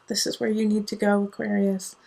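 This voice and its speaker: A woman's voice: mid-range voice, monotone, normal speed, creaky. A woman giving a casual tarot reading, talking in an earnest, digressive way that mixes encouragement with tough love. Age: adult parent. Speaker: tarot reader.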